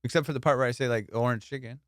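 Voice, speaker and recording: A man's voice: medium pitch, racing, dry recording, studio quality. A male comedian hosting a podcast, rambling and swearing in casual comedic banter, slipping into silly voices.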